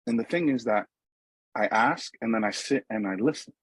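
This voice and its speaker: A middle-aged New Yorker with a New York accent gives a personal recovery talk at a meeting, telling his story conversationally and often turning aside to address listeners. His medium-pitched voice is slightly rough and moves at a normal speed. The recording is dry and the audio poor.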